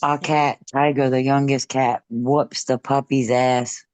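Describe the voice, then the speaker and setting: A man's voice: mid-range voice, level tone, measured pace, no room sound. A man in a casual chat, telling an amused story about his pets.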